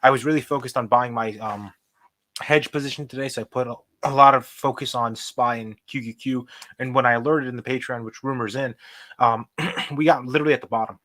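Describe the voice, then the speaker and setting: A young man hosts a relaxed livestream about stocks and thinks aloud as he clicks through charts. His voice sits at an ordinary middle pitch. The sound is dry and close, with no room around it. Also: a little fast, no echo. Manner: chatty, thinks out loud while reading charts. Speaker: host. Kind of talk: casual livestream stock commentary.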